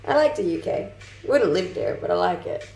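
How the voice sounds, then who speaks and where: Gravelly-voiced woman streamer chatting casually. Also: on the low side, animated, moderate pace, a little mellow. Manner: chatty, reads chat aloud and answers with easy laughter. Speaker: live streamer. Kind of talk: casual live-stream chat. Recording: roomy sound with faint music behind.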